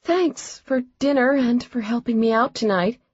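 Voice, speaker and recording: A woman's voice: on the high side, moderate pace, slightly rough, dry recording, muffled recording, pitched above the performer's own voice. A woman reading the part of a witty, teasing young businesswoman in an audiobook. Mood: playful. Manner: playful, teasing.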